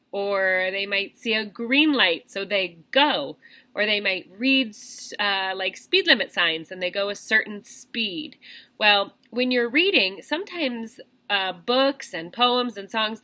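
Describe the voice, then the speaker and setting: A young woman teacher explaining reading to small children in an animated, sing-song classroom voice. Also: mid-range voice.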